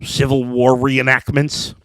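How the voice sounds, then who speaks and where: A man's voice: mid-range voice, monotone, slow pace, a bit bright, no room sound. A man hosting a sports podcast, talking through an emotional, rambling opinion monologue with lots of restarts.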